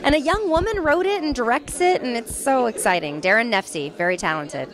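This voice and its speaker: A woman's voice: fairly high pitch, lively intonation, a little fast, a crowd in the background. A woman voice actress chatting as a guest in a casual interview, bubbly and chatty with frequent laughter.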